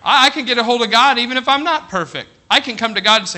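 A middle-aged man preaching a sermon as pastor, animated, checking in with the congregation with "all right?". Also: extremely high pitch, quick pace, hardly any pauses.

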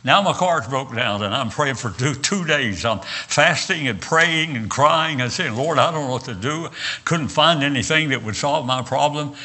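Bright-voiced older West Virginian preacher. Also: male voice, medium pitch, animated, measured pace, hardly any pauses. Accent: Southern US, West Virginian. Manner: folksy storytelling with frequent uh and repeated words. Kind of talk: sermon with personal stories.

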